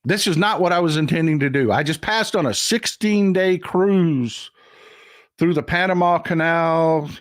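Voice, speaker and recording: A man's voice: on the high side, unhurried, no room sound, clean studio sound. An older man hosting a casual livestream, talking bluntly and with profanity while he reads out and thanks viewers' comments. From Texas. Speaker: livestream host.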